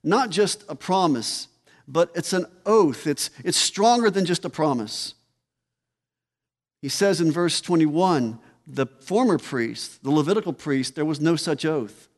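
A man's voice: on the high side, animated. Emphatic preacher man in a reverberant hall. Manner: emphatic, repeats key phrases, slows for weight. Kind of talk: expository sermon.

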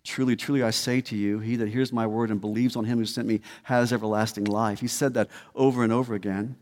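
A man's voice: fairly low pitch, steady tone, quick pace, darkish tone. A man preaching a sermon as pastor, emphatic and repeating key words. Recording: long hall reverb.

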